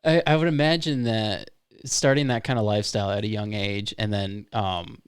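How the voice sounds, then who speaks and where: A man's voice: lowish voice, steady tone, moderate pace, smooth, no room sound, studio quality. A man hosting a podcast interview, asking curious follow-up questions and reacting with amazement. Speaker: podcast host.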